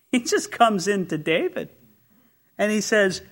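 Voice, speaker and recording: Male preacher, high bright voice, impassioned sermon delivery. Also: sing-song, slow pace. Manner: impassioned, swings between loud exclamation and quiet intensity. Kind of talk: expository sermon.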